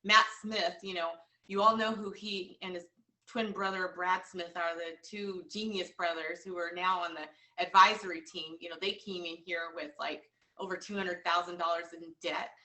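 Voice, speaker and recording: Bright-voiced woman coaching her sales team. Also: fairly low pitch, fairly even intonation, moderate pace, recorded from a distance. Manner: earnest, repetitive, many fillers. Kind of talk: motivational training talk.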